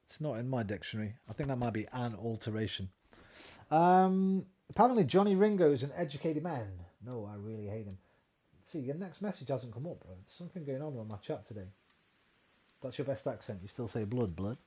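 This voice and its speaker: A man's voice: mid-range voice, sing-song, brisk, mellow, slightly rough. A man doing casual let's-play commentary, chatty and jokey, reading game text aloud and stumbling over words. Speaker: game streamer.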